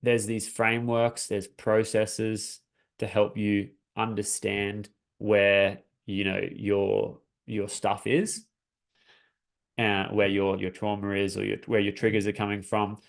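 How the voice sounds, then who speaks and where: A man's voice: on the low side, monotone, slow pace, gravelly. A man coaching his listeners, telling a personal story in an earnest, searching way, often restarting his phrases. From Australia. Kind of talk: reflective personal talk.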